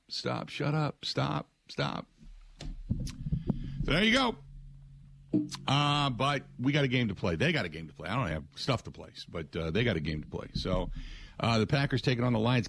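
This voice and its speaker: Animated male sports radio host. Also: fairly low pitch, gravelly, breathy edge. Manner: excitable, mimics voices, frequent restarts.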